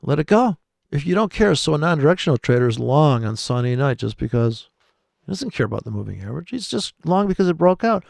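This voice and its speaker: A man's voice: a little high, very animated, fast, creaky, darkish tone, no room sound. A man giving rambling, profane, sardonic commentary over trading charts, muttering asides and often laughing to himself. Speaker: trading video host.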